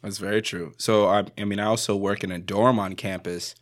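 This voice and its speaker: Appearing as a guest in a laid-back podcast chat, a young student from Jamaica talks with animated slang and frequent laughter, his voice fairly low and slightly quick.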